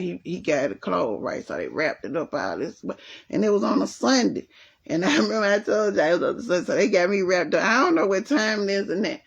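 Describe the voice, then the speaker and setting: A woman hosting a casual livestream from home, chatting and reading viewer comments while telling a story in a lively way. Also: lowish voice, vocal fry, breathy edge, lo-fi sound. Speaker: livestream host. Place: at home, resting with leg elevated.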